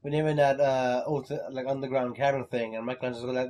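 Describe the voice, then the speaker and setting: A young man co-hosting a casual podcast chat, animated and swearing freely, often acting out lines he quotes. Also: medium pitch, quick pace, hardly any pauses. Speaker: podcast co-host.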